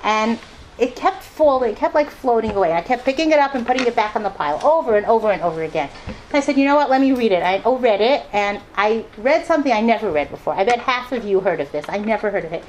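Woman, middle-aged, storytelling talk, animated, high-ish voice, faint background noise. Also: fast. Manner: animated, acts out quoted voices. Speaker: speaker addressing an audience.

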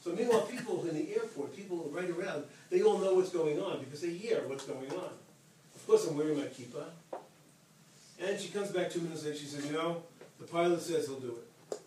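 A man telling a long personal story to an audience in an animated way, repeating phrases for emphasis and acting out the dialogue. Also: fairly high pitch, fairly quick, a little hiss or hum. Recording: echoey hall from far off.

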